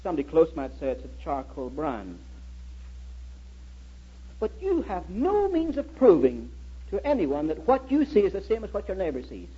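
A man's voice: on the high side, wildly swooping pitch, normal speed, long pauses. A middle-aged man giving a public lecture as a historian, telling stories and asking his audience rhetorical questions. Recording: dull lo-fi old recording.

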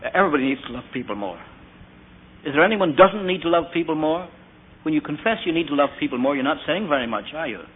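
A man's voice: a little high, lively intonation, fast, husky. A man preaching an earnest, anecdotal sermon, putting questions to his listeners. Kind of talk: storytelling sermon. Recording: tinny lo-fi recording with faint hiss.

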